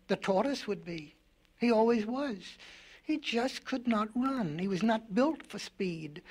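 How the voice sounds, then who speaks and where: A man narrating a storybook record in a gentle, whimsical, folksy way. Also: high voice.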